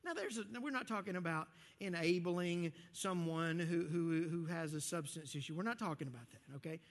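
A man with a fairly high voice preaches to his congregation as their pastor. He talks in a lively, conversational way, often restarting his sentences. His voice rings out with a long reverb from a big church hall. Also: moderate pace. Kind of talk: sermon.

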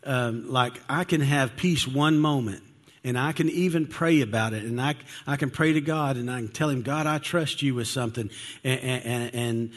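A male pastor preaching a conversational sermon, earnest and direct, with rhetorical questions and frequent restarts. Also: medium pitch.

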